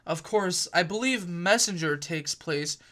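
Bright-voiced young man rambling a book review. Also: sits high, measured pace. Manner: rambling, self-correcting, uses fillers.

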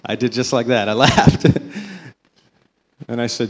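A man sharing his faith testimony before an audience, telling it as a story that swings between slow, emphatic phrases and quicker runs. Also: medium pitch, level tone, in a large hall, slight background noise. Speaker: company vice president giving a testimony.

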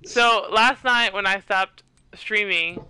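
A woman's voice: medium pitch, slow pace, sharp tone, clean tone, rough recording. A young woman hosting a casual live stream, teasing her friends, giggling and reading the chat aloud.

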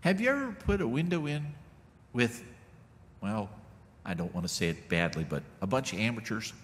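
In a church sanctuary with the long reverb of the hall, a middle-aged pastor preaches a casual, folksy sermon full of asides to the congregation. His voice is medium-pitched and very animated, at a normal speed.

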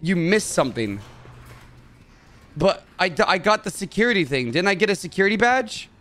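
Bright, jumpy male let's-play streamer. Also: high voice, very animated, moderate pace. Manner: jokey, swears, mutters, yells when startled. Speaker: gaming YouTuber.

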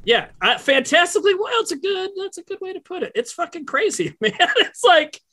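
A man's voice: extremely high pitch, big pitch swings, fairly quick, bright, forceful tone. A man rambling in casual chat on a livestream, full of "like" and crude swearing. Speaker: comedy troupe member on a livestream. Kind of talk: casual banter.

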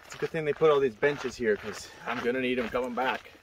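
A man's voice: medium pitch, fast talker, background noise. A man filming a family hike outdoors, joking and laughing as he talks to the camera. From Canada. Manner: joking, playful, laughs often. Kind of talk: casual chat. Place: outdoors on a hiking trail.

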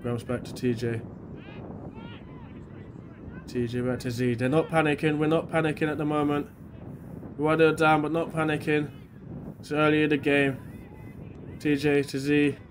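A man from England, a bit under the weather, doing excitable live commentary on an amateur football match outdoors. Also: on the high side, normal speed, long pauses, slight background noise. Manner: excitable, shouting at chances, then quiet and matter-of-fact. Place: outdoors at a grassroots pitch.

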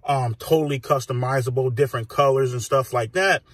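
Husky man ranting profanely into a phone. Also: mid-range voice, brisk, no room sound. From United States. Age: 30s. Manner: heated, swearing rant with filler phrases. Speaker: vlogger. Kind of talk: profane rant to camera. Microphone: phone recording.

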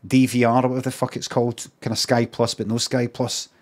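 A man's voice: mid-range voice, level tone, fast. A Scottish man telling a rambling, sweary anecdote on a live stream. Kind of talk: casual storytelling on a live stream.

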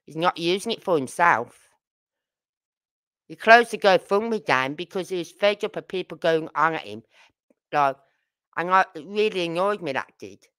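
A woman's voice: on the low side, expressive, normal speed, pauses often, a bit bright, clean tone. A middle-aged woman with a Birmingham accent, chatting casually and rambling to a live audience. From Birmingham, England. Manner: chatty, rambling, with fillers and asides. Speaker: livestream host.

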